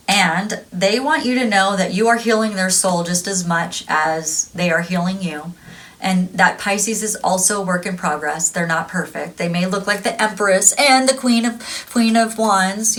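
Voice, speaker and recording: A woman's voice: medium pitch, a bit bright, rough recording. A woman giving a casual tarot reading, chatty and gushing, laughing often. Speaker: tarot reader.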